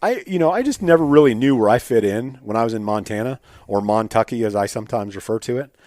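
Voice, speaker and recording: A man telling stories as a podcast guest in a casual, animated way, full of fillers and restarts. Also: medium pitch, fast talker, dry recording, studio quality. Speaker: podcast guest, state game bird biologist. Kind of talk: casual storytelling in an interview.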